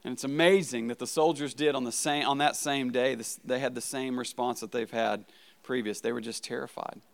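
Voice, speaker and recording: A man's voice: mid-range voice, steady tone, fairly quick, gravelly. A man preaching a sermon as a pastor, talking in a casual, conversational way, often checking in with "right?" and restarting words.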